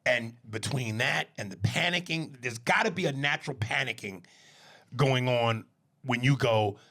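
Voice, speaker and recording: A man's voice: medium pitch, unhurried, sharp tone, slight background noise. A man co-hosting a podcast in casual chat, reflective, often answering with "right". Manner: frequent "right" agreements, reflective. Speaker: podcast co-host.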